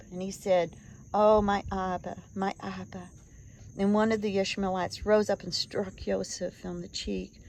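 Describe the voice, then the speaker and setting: A woman's voice: medium pitch, a little mellow, slight background noise, poor audio. A woman reading an old scripture story aloud, earnest and emotive in the quoted laments. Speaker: scripture reader.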